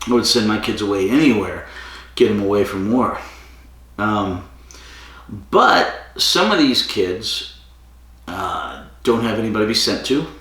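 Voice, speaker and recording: A man's voice: fairly low pitch, fairly bright tone. A man hosting a podcast, casually recapping a story with digressions and self-corrections. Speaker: podcast host. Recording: very echoey room, far from mic.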